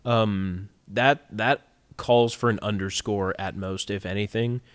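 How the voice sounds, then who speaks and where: A young man talks casually about film music on a podcast, now and then acting out lines and humming tunes. His voice sits on the low side. The sound is dry, with no room echo. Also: measured pace, smooth. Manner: animated, acts out lines and hums music. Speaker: guest composer.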